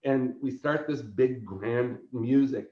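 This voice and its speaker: A man, a convention organizer appearing as a podcast guest, telling an animated story, laughing often and acting out quotes. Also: mid-range voice, slow pace. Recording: roomy echo, dull lo-fi sound.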